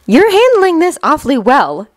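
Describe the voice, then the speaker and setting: A woman's voice: high-pitched, huge pitch swings, moderate pace, dry recording, pitched above the performer's own voice. A woman reading a fanfiction aloud, voicing a blunt, fiery young mechanic woman who talks brusquely. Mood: gruff. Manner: brusque and sharp.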